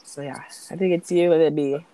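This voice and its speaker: A young woman co-hosting a podcast, chatting casually and retelling scenes in an animated way. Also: sits low, brisk. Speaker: podcast co-host. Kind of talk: casual chat.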